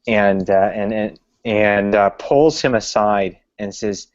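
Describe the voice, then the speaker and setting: A tabletop player narrates his character's actions haltingly, circling back over his words again and again. He speaks at a very slow pace. The audio is dull and lo-fi, as on an online call. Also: sits low, no echo. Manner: halting, many repeated words.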